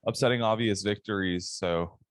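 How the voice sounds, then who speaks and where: A man co-hosting a casual fantasy football podcast, giving relaxed, measured takes. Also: fairly low pitch, dry recording. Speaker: podcast co-host. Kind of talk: casual sports podcast chat.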